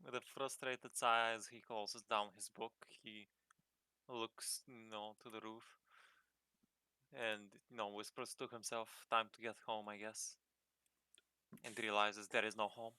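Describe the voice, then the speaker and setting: A man's voice: fairly low pitch, flat delivery, measured pace, pushed and bright, clean tone, dry recording. A man playing a tabletop game who describes his character's actions in a hesitant way. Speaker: player. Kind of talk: tabletop role-play.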